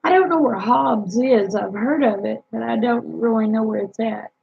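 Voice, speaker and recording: Tired, gravelly woman chatting. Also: on the high side, normal speed, muffled recording. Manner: chatty, drawling, rambling with many fillers. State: tired, yawning. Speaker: homesteader talking to live chat viewers. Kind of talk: casual live chat.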